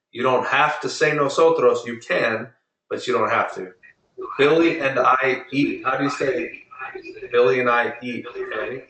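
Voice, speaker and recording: A man runs an online Spanish lesson, patiently repeating each word for the class. His voice is bright and clear. He sits back from the mic in a room with noticeable echo. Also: medium pitch, distant mic, slight background noise. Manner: patient, drills words slowly and repeats them. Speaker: Spanish tutor.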